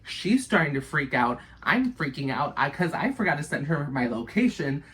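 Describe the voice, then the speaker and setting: A woman vlogger telling a story to her viewers, animated and breathless, swearing constantly. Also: low voice, moderate pace, slight background noise. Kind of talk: casual storytelling to camera.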